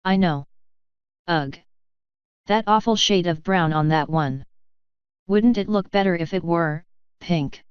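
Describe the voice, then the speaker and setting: A woman's voice: on the low side, slow, pauses often, clean tone, no room sound, muffled recording. A woman voicing a jealous, scheming young changeling princess in a fanfiction audiobook reading. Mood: sly.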